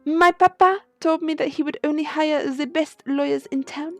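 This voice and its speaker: A woman's voice: high voice, steady tone, normal speed, a bit bright, faint music behind, voice pushed up. A woman voicing a pampered young noble cat lady, prim and genteel, reading for a video game.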